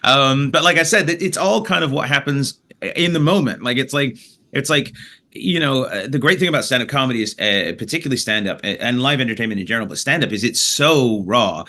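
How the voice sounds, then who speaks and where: Canadian comedian guy, bright tense voice, swears a lot, tells stories fast and loose. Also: mid-range voice. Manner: animated anecdote-telling with profanity and laughter. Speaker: comedian guest. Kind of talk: storytelling in a podcast interview.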